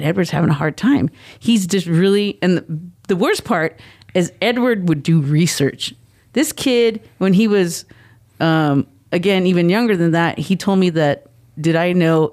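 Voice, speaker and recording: A middle-aged woman sits in as an interview guest, recounting family stories. Her telling is animated, and she slips into the voices of the people she quotes as she goes. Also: fairly low pitch. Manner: animated, acts out quoted dialogue. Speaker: guest, mother of the athlete. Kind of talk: casual interview storytelling.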